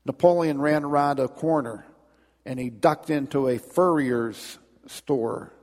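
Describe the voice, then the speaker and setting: A male pastor preaching and storytelling to his congregation, building emphasis and restarting phrases as he goes. His mid-pitched voice carries with a long reverb through a church sanctuary. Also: measured pace, a little mellow. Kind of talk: sermon.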